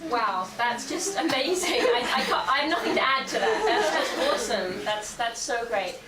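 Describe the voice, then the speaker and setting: A woman's voice: a little high, sing-song, moderate pace, over a noisy crowd. A woman casually leading a group into prayer, informal and a little hesitant. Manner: informal, hesitant, with many fillers. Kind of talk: casual spoken introduction to prayer. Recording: echoey room, mic far off, noisy.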